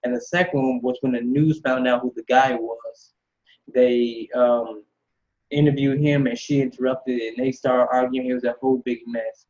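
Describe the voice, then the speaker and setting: A man's voice: mid-range voice, level tone, normal speed, a little mellow. A man giving blunt, dismissive casual commentary, recorded with slightly dull lo-fi sound. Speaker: commentary host.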